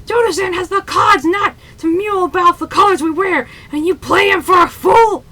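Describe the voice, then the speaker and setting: A woman's voice: very high-pitched, normal speed, voice pushed up, exaggerated voice. A woman playing a furious ship captain. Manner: shouted outrage, clipped rebukes. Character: stern fiery ship captain scolding a crewman.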